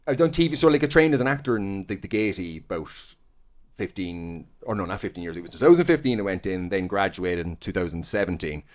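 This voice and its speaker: A man with a Cork Irish accent talks in a casual interview. His voice sits fairly low, and he rambles, stacks up fillers and restarts, and laughs between thoughts. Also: very animated, a little fast. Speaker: comedian guest. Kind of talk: casual chat.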